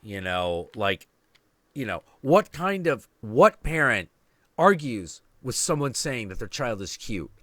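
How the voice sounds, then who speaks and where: A man's voice: mid-range voice, sing-song, takes it slowly, fairly bright tone, dry recording, studio quality. A man in his late twenties, hosting a podcast, telling a story in casual chat with plenty of swearing and ranting. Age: 20s. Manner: profane, ranting, confrontational. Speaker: podcast host.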